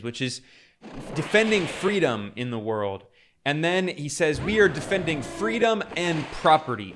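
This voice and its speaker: A man's voice: a little high, background noise. A man delivering a polemical political commentary monologue, emphatic, with frequent restarts.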